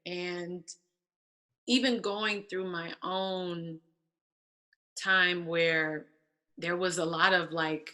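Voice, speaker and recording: A woman's voice: fairly low pitch, fairly even intonation, drawn-out words, pauses often, sharp tone. A woman in her thirties giving a candid personal testimony, telling her story with animation and acting out the voices of others. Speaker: interview guest.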